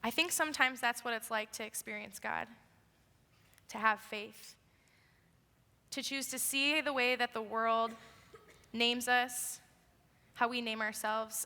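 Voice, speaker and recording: An earnest young woman delivers a youth sermon with emphatic stresses. Her voice sits high and bright. It rings with the long echo of a large hall. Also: fairly even intonation, measured pace, long pauses. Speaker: youth speaker. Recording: echoey hall.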